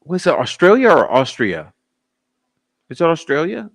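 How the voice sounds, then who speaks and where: A man's voice: fairly high pitch, sing-song, normal speed. A man hosting a livestream, casually joking with his chat and laughing often, a little tipsy. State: tipsy, giggly. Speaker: livestream host. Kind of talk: casual live chat sign-off.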